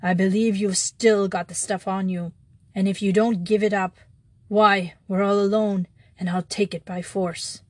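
A woman's voice: medium pitch, fairly even intonation, a little slow, a little mellow, no echo, close to an everyday voice. A woman voicing an intense, menacing male master thief, a grand outlaw. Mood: threatening. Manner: intense, challenging.

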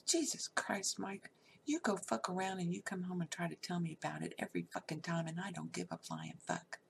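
Gravelly middle-aged lady telling her story straight out, cusses a lot, bit of faint noise behind. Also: mid-range voice, darkish tone. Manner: candid, blunt, swears freely. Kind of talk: personal storytelling.

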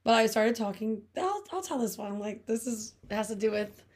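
A woman's voice: fairly high pitch, animated, moderate pace, darkish tone. A woman in her twenties co-hosting a podcast, telling a story in casual chat full of fillers. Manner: chatty storytelling, many "like" fillers, laughs often. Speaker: podcast co-host.

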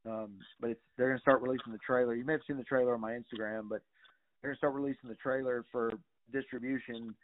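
A man's voice: mid-range voice, fairly even intonation, quick pace, slight background noise. A middle-aged man telling stories casually as a guest, rambling with many fillers and some swearing. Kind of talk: casual storytelling. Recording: tinny phone-like sound.

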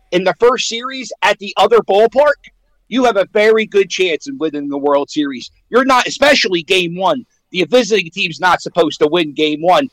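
Brash, high-voiced man boasting. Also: a bit bright, no echo, poor audio. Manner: brash, boastful trash talk. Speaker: caller, sports fan. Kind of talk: radio call-in banter.

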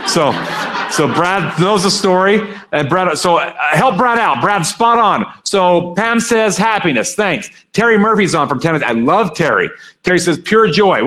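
A man's voice: high-pitched, a bit bright, poor audio. A man leading an interactive seminar, energetically coaxing his live and online audience and repeating their answers aloud. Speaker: speaker leading a workshop.

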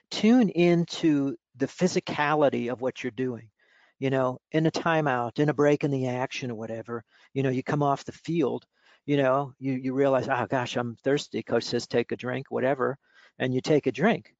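Gravelly-voiced man coaching calm focus. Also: mid-range voice, moderate pace, dry recording. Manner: relaxed, instructive, many "you know" fillers. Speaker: mindfulness coach and author, guest. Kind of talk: explanatory interview talk. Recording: dull lo-fi audio.

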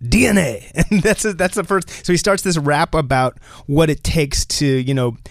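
Podcast co-host from New Jersey, animated and chatty, dry close recording. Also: male voice, fairly high pitch, normal speed, no echo. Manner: talkative, animated, laughs often. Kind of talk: casual discussion.

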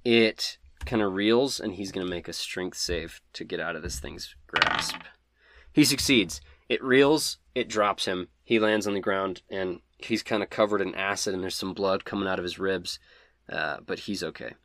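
A man narrating a tabletop game as game master, relaxed and laughing at his bad dice rolls. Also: low voice, normal speed.

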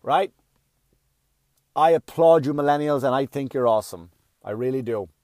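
A middle-aged man hosting his own podcast, delivering a loud, profane comedic rant. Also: medium pitch, normal speed, no echo, studio quality.

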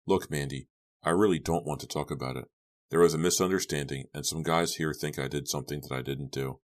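A man reads an earnest, awkward teenage boy who answers a little louder than the narration around him. The voice stays extremely deep, with a dry edge of sarcasm. It is a storybook figure. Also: steady tone, fairly quick.

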